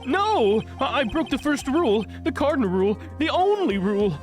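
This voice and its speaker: A man's voice: extremely high pitch, big pitch swings, normal speed, soft background music, voice pushed up. A man voicing a flamboyant, vain male stage magician in a game, haughty and theatrical. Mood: horrified. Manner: haughty, theatrical, dramatic outbursts.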